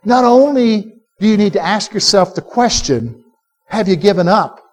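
A male pastor preaching a sermon to a live congregation, animated and conversational, quizzing listeners to answer back. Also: high voice, moderate pace. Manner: direct, conversational asides to the listeners. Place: church service before a live congregation.

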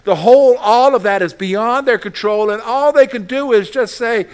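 A male pastor preaching a sermon, animated, with frequent rhetorical questions to his listeners. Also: very high-pitched, moderate pace, few pauses.

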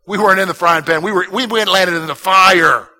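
A man pastor preaching a sermon, swinging between loud urging and hushed, intimate talk and repeating short exhortations. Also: high-pitched, a little fast.

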